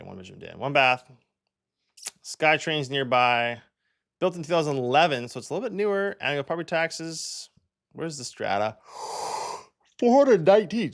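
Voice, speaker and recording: A man's voice: a little high, creaky, fairly bright tone. A young man from Canada, a real estate agent, chatting casually as he walks through home listings and thinks aloud with plenty of fillers.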